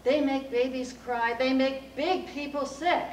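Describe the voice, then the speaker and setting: An earnest, superstitious neighbor woman, as a storyteller puts her on, speaking slowly and gravely in simple, broken English. The voice sits a little high for a woman. It comes from a distance across a roomy space. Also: fairly even intonation, slight background noise. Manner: grave, simple halting phrasing. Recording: roomy room, taped from a distance.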